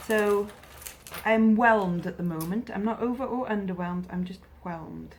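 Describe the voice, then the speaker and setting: A woman vlogger chatting casually as she unboxes parcels, gushing and excitable. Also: medium pitch, a little slow, a little hiss or hum.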